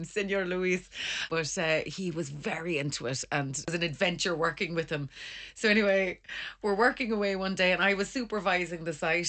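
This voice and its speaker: An Irish woman co-hosting a casual chat podcast, a lively storyteller who recounts her work as an archaeologist. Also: on the low side.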